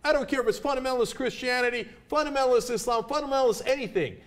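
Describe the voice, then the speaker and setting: A man's voice: extremely high pitch, rapid-fire. A male talk show host giving angry, profane opinion commentary in an exasperated tone.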